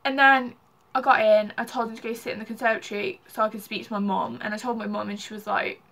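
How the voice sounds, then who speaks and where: A young woman tells a personal story to camera, chatty and loose with her words. Her voice sits a little high and sounds bright and forward. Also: flat delivery, fast talker. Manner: chatty, heavy use of "like". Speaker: vlogger.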